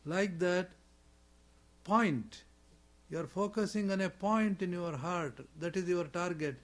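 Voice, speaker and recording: A man's voice: sits high, slow pace. A man giving a spiritual talk on scripture, chanting in Sanskrit and explaining with repetition and rhetorical questions in slightly imperfect English. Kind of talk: sermon on scripture.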